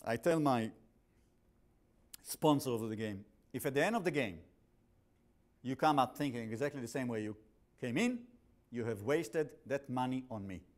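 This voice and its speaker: A male instructor with an accent lectures a class in a blunt, animated way, cracking jokes and often cutting off and restarting his sentences. His voice sits at an ordinary middle pitch. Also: normal speed, pauses often. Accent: non-native English.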